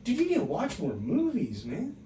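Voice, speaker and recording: A young man co-hosting a casual podcast, reading quiz questions in a teasing, animated way and laughing often. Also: high-pitched, normal speed. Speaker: podcast co-host, quiz reader. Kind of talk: casual chat. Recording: echoey room, distant mic, faint noise.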